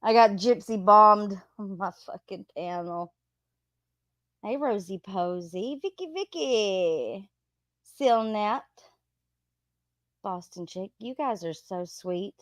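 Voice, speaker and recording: A woman's voice: medium pitch, animated, slow, long pauses, a bit bright, no room sound, studio quality. A woman hosting a livestream, chatting casually, greeting viewers by name and swearing freely. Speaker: livestream host. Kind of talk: casual livestream chat reading viewer comments.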